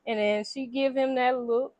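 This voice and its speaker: A woman's voice: high voice, steady tone, unhurried, darkish tone, dry recording. A woman telling a story in casual chat at home, acting out the characters' lines with voices. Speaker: vlogger recapping a movie. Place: home room near a window.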